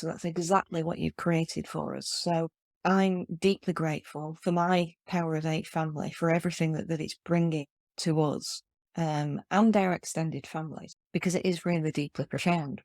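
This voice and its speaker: A woman hosting a relaxed interview chat in a fairly low voice. She talks earnestly and with a lot of feeling, and often restarts her sentences. Her sound is close and dry. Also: no echo. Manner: earnest and effusive, with frequent restarts. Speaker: podcast host.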